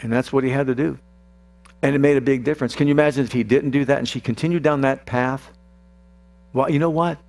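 A man's voice: medium pitch, steady tone, fast, darkish tone. A man preaching a sermon in an earnest voice that rises into fervent prayer. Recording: mains hum behind the voice.

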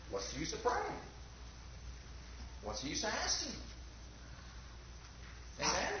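A fervent man preaches, pressing his listeners with question after question and asking for amens. His voice sits high and leaps widely in pitch. The recording is very echoey and a bit dull and lo-fi. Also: huge pitch swings, slow, long pauses, slight background noise. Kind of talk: sermon.

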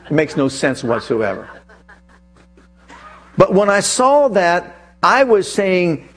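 A male preacher giving an animated sermon, telling a personal story and reading scripture aloud with emphasis. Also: sits high, unhurried, pauses often.

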